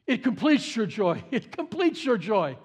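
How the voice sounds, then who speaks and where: A man preaching a sermon as pastor in a conversational way. He repeats key phrases for emphasis and swings between loud emphatic bursts and soft low asides. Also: very animated, a little slow, slightly rough.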